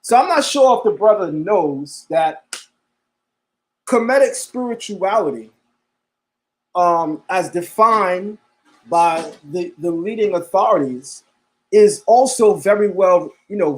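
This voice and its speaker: A man's voice: high-pitched, expressive, takes it slowly, pauses often. A man hosting a live stream, talking casually, repeating himself and calling his viewers family. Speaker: livestream host.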